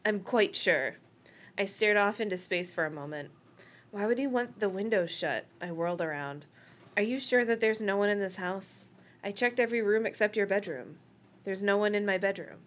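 A woman's voice: mid-range voice, normal speed. A woman co-hosting a podcast, reading a novel aloud and laughing between passages. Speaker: podcast co-host.

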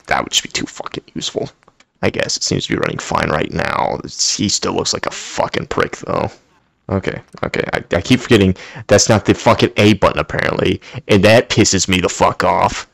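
A man's voice: low-pitched, sing-song, normal speed, creaky, a bit bright, no room sound. A man giving gameplay commentary while playing in VR, ranting with constant swearing and exasperation. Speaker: gamer playing in VR.

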